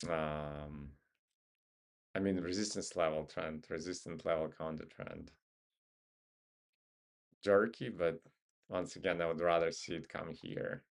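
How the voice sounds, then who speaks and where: A man's voice: low voice, steady tone, unhurried, long pauses. A man with a Russian accent, talking casually to himself while he goes over stock charts and joking now and then. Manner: laid-back, muttering to himself, joking. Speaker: stock market streamer. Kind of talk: casual trading commentary.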